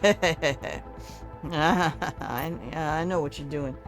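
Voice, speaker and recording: A woman's voice: deep voice, very slow, music in the background. An older woman chatting casually as she streams a video game. She talks back to the game and swears offhandedly. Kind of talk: casual live-stream gameplay commentary.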